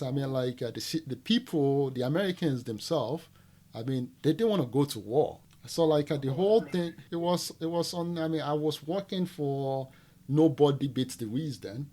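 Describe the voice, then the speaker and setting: A man's voice: medium pitch, darkish tone. A man from Nigeria with a Nigerian accent, a podcast guest recounting his past in a casual interview, using many fillers and acting out dialogue. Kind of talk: storytelling interview.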